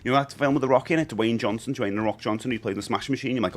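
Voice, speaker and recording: A man's voice: mid-range voice, rapid-fire, soft background music. A man hosting a live stream in casual chat, rambling and greeting viewers as he goes. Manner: chatty, rambling, greets viewers, stumbles and repeats.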